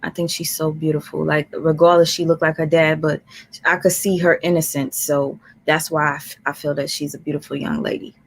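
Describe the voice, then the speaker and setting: Calm woman hosting a livestream. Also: low-pitched, brisk. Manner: calm, conversational, addressing viewers. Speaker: livestream host. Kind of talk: commentary on a played clip.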